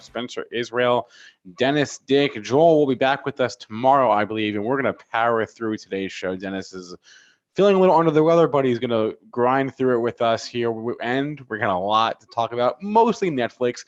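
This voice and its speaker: Brisk male trading-show host. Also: mid-range voice. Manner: brisk, businesslike headline rundown. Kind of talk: live trading show rundown.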